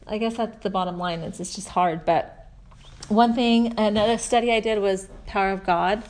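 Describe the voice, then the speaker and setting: A woman in her forties, a mother talking through a faith story and scripture lessons in a chatty, earnest way, softer when she reads verses. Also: medium pitch, fairly even intonation, moderate pace. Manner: chatty storytelling, warm earnest asides with soft laughs. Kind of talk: casual religious talk.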